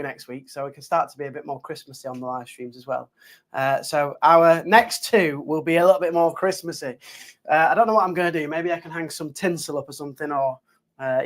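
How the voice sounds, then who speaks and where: A man with a Yorkshire accent chats to his students on a live stream as their geography teacher, upbeat and loose, with plenty of fillers and restarts. His voice sits a little high for a man, and he talks into a desk mic at his computer. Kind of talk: casual live stream chat.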